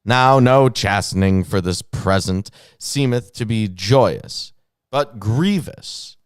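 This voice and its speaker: Man, unhurried co-host, low smooth voice, reads scripture with dry asides, dry close sound. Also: lively intonation, no echo. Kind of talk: casual chat and reading scripture aloud.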